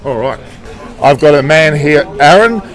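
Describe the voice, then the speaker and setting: A man's voice: fairly high pitch, lively intonation. A man interviewing people on a busy street, upbeat and chatty. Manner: upbeat, chatty, quick-talking. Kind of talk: vox pop street interviews.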